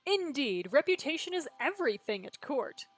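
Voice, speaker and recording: A woman reading as a smooth, formal nobleman. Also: high voice, big pitch swings, no room sound, faint music behind. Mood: courteous. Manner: formal, measured. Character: smooth polite male noble suitor.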